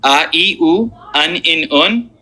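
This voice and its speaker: A man teaching a beginners' Quran reading lesson, encouraging and drilling each letter sound slowly. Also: on the high side, animated, pushed and bright, rough recording.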